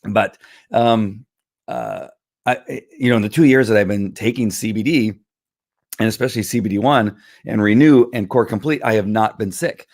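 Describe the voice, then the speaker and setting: Hoarse-voiced man hosting a casual live stream; low voice, dry room, rambling delivery full of fillers. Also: normal speed, a little mellow, no room sound. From Southern California. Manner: rambling, many fillers and restarts, frequent throat clearing. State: hoarse, losing his voice. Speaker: live stream host selling wellness products. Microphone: computer or phone camera.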